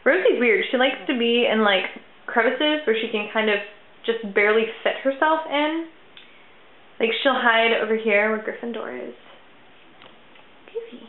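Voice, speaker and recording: A bubbly young woman chats in a casual vlog from her old bedroom, drifting off to coo at her cats. Her voice sits a bit high. The sound is thin and phone-like, with a roomy echo around it. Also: normal speed, long pauses. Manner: bubbly, easily distracted, coos at her cats. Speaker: vlogger. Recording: tinny, echoey phone-like sound.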